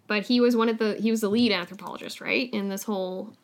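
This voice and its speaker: A woman's voice: medium pitch, fairly even intonation, fast. A woman co-hosting a podcast in casual chat, often laughing, with a morbid sense of humor. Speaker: podcast co-host.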